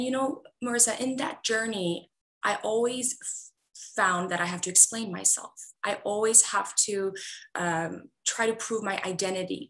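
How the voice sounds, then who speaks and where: A woman's voice: medium pitch, pushed and bright, poor audio. A woman who grew up in Iran, an author answering interview questions earnestly, with many fillers and restarts. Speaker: author guest.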